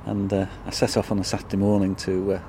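A middle-aged man, a vintage bus owner, answering questions in a relaxed way with chuckles. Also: low voice, quick pace, slight background noise.

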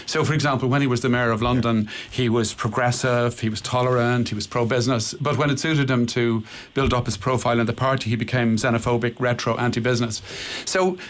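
A man's voice: mid-range voice, fairly even intonation, brisk. A man giving earnest political arguments as a guest on a radio panel discussion.

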